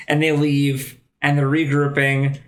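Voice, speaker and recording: A man's voice: on the high side, completely flat delivery, measured pace. A man co-hosting a casual podcast, talking in a laid-back, slangy way with frequent swearing. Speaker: podcast co-host. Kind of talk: casual chat. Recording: roomy echo.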